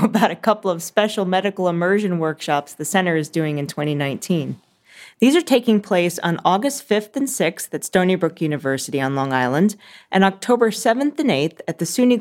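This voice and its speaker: A woman's voice: lowish voice, darkish tone. Woman reading a promo announcement. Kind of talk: read announcement.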